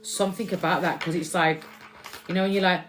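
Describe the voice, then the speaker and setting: A woman's voice: on the low side, steady tone, a little fast, fairly bright tone, a little hiss or hum. A woman doing a casual, chatty spiritual card reading, often repeating phrases she says she hears from spirit.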